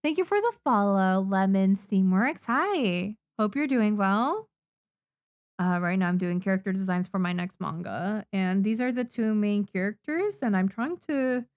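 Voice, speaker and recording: A chatty woman from Japan whose first language is Japanese talks to her stream viewers while working on manga designs. Her pitch swings freely as she gets excited, and the sound is dry and close with no room around it. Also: no echo. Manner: chatty, excitable, quick to laugh. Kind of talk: casual live-stream chat while drawing.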